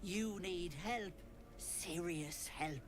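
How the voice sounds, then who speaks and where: A woman's voice: fairly low pitch, extremely slow, over music. A woman voicing a sly old hag who poses as a kindly granny, with folksy, fussing, old-fashioned speech. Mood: concerned.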